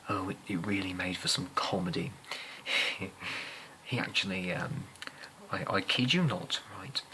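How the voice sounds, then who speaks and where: A young Englishman with a low voice tells school anecdotes in a soft ASMR storytime. His tone is very bright and edgy despite the depth. He rambles, hesitates and chuckles along. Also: a little hiss or hum, poor audio.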